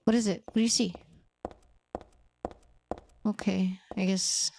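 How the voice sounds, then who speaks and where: Young woman streamer, casual and rambling, unhurried delivery. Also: mid-range voice, fairly even intonation, gravelly, noisy background. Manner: rambling, chatty, with many fillers. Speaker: game streamer. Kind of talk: casual gameplay commentary.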